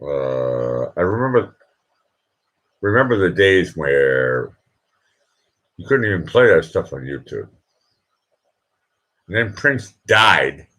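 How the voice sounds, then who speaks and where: A man hosting a late-night live stream, emotional and teary, talking in halting, rambling bursts. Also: sits low, big pitch swings, fairly bright tone. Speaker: livestream host.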